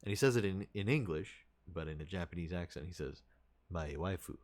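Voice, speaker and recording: A man's voice: low-pitched, quick pace. A man streaming and chatting casually with his viewers, rambling and restarting his sentences with little chuckles.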